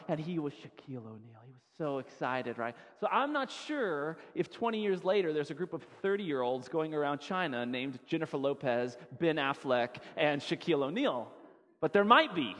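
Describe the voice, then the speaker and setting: A fairly high-voiced man preaches from the pulpit, telling his story casually and doubling back on his words. His voice rings out with a long reverb from the church hall around him. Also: fairly bright tone. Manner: conversational, repeats words as he builds the story. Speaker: pastor. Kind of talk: sermon storytelling. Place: church sanctuary.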